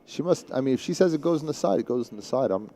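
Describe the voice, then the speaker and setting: A man's voice: medium pitch, animated, fast, mellow. A man from Staten Island with a thick New York City accent, chatting and rambling as a guest commentator on live pool. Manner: chatty, rambling, with many restarts.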